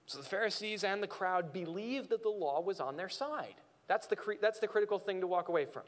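A male pastor preaching a sermon and acting out quoted voices in an animated way. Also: high-pitched, brisk, in a large hall.

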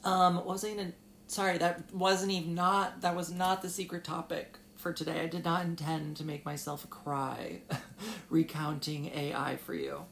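Slow, gravelly low-voiced woman. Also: slight background noise. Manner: halting, with many fillers and restarts. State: tearful. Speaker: podcast host. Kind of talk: solo casual talk, recounting a film.

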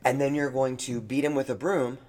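A man's voice: mid-range voice, level tone, brisk, a little mellow. A man co-hosting a podcast in casual chat, speaking in an earnest, heartfelt way. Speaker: podcast co-host.

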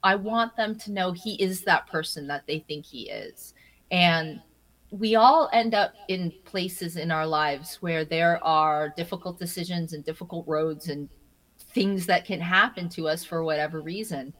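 A woman being interviewed, telling stories in an animated way, often laughing and repeating her first words as she starts a thought. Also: fairly low pitch, measured pace, poor audio. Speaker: interview guest. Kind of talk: casual interview conversation.

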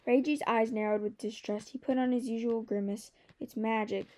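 Woman narrating in a mellow voice. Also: on the high side, steady tone. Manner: measured, storytelling. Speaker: audiobook narrator. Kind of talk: scripted narration.

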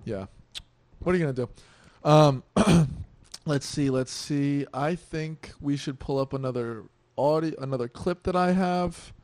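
Young guy cohosting, laughs a lot, swears, a bit high-pitched. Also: measured pace, a little mellow, dry recording. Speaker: podcast co-host. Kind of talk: casual chat.

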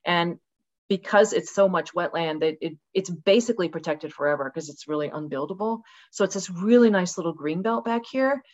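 Joining a podcast by video call from a country house where dogs live, this sixties-aged woman chats in a relaxed interview. She talks fairly quickly in a fairly low register, performing quotes dramatically as her stories unfold with real passion. The audio has its highs cut off.

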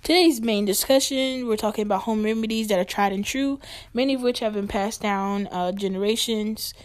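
A woman's voice: mid-range voice, normal speed. A woman hosting a podcast, chatty and playful, moving from light news to a read-out disclaimer. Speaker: podcast host.

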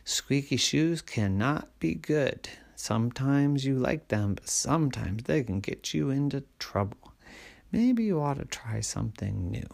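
A man's voice: mid-range voice, big pitch swings, a little slow, gravelly, darkish tone. Man doing a teasing little brother, whispered role-play. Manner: teasing, advice-giving.

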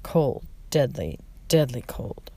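Slow, gravelly memoir reader. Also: medium pitch, very animated, mellow. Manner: slow, reflective reading with frequent slips and restarts. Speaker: narrator. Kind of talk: reading a memoir aloud.

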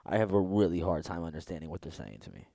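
A man's voice: deep voice, sing-song, fast talker, gravelly, warm tone, dry recording. A young man co-hosting a podcast, rambling casually with swearing and frequent self-interruptions. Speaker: podcast co-host. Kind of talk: casual chat.

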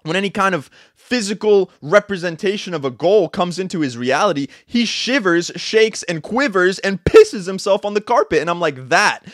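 A young man hosting a podcast, giving an intense, profane motivational monologue with bursts of shouting. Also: high voice, lively intonation, moderate pace, hardly any pauses, no echo, clean studio sound. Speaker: podcast host. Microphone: two cameras, podcast mic.

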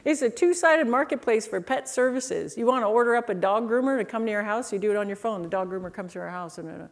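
A woman's voice: on the high side, fast talker. A middle-aged woman from Canada giving a storytelling keynote on market positioning. She acts out the people in her anecdotes.

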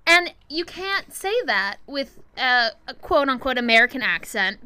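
A woman's voice: high-pitched, sing-song, unhurried, pushed and bright, smooth. A young woman chatting playfully as a podcast co-host. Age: young adult. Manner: playful, laughs easily. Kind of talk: casual chat.

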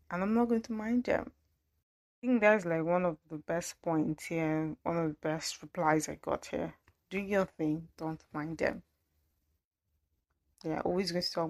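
Gravelly Nigerian woman, playful. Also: on the low side. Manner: chatty and playful, laughs often, animated asides. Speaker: podcast host. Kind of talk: casual chat.

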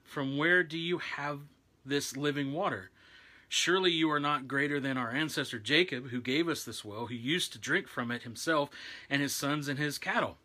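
A man's voice: normal speed, sharp tone. A man voicing a Samaritan woman at a well as he reads a scripture passage aloud. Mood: questioning. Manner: read aloud with a raised pitch.

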